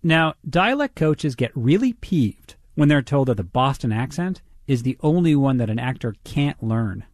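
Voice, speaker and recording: A male radio host reads his narration in a steady, clear voice at a middle pitch. The studio sound is dry, with no room echo. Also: moderate pace.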